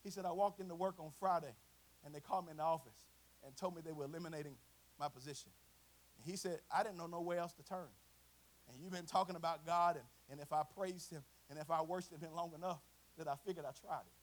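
A man preaching a sermon, swinging from a quiet storytelling voice to chanted, shouted climaxes. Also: on the high side, quick pace. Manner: chanting, shouted climaxes with congregational call and response; drops to a quiet conversational storytelling voice.

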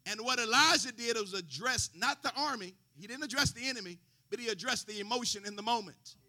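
High, bright-voiced impassioned male preacher. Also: fairly quick. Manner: impassioned, builds to shouting, calls to the congregation. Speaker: pastor. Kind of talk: sermon.

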